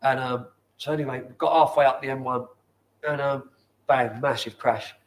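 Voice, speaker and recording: A middle-aged man, a former footballer telling rambling, lively anecdotes as an interview guest in a bar. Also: mid-range voice, moderate pace. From London. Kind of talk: casual storytelling over a pint. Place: bar, indoors.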